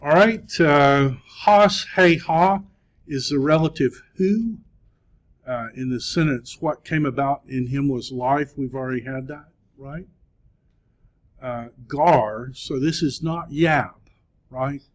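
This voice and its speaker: A man teaches biblical Greek to a class at an unhurried, deliberate pace. He talks patiently and encouragingly, pausing often. The classroom recording sounds muffled and lo-fi. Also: mid-range voice. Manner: slow, patient, encouraging, with many "uh" pauses. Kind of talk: classroom lecture.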